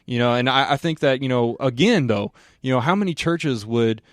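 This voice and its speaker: A man's voice: medium pitch, moderate pace, no echo, studio quality. A man co-hosting a casual church chat, earnest and thoughtful, with lots of "you know" fillers. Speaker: co-host.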